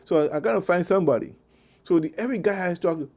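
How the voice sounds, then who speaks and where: A man's voice: sits high, expressive, fast, warm tone. A male radio host giving casual relationship advice over an online call, rambling through anecdotes with chuckles and repeated words. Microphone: online meeting call.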